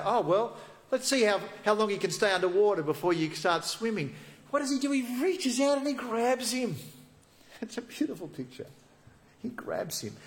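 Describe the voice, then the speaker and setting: A lively man delivering a sermon, his voice rising and falling widely as he acts out the quoted lines. He sits in a fairly high register for a man. His delivery is expressive and full of swings. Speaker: preacher.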